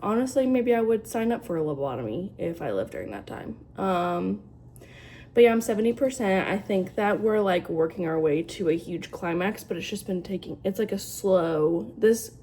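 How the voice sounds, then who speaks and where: Chatty young woman vlogging, slightly low. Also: warm tone, slight background noise. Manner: chatty, lots of fillers and likes. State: sleepy in the morning. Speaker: booktube vlogger. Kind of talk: casual chat to camera. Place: home, later a dog park outdoors.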